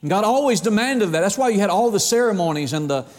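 A middle-aged man preaching a sermon in an animated way, acting out the voices of God and of people. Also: high voice, fast talker, big-room sound.

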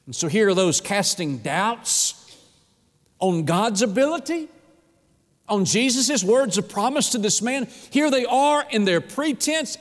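Man, preacher, sermon, emphatic then hushed, high-pitched, echoing hall. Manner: dynamic preaching with sudden drops to a low hush. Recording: echoey with long reverb.

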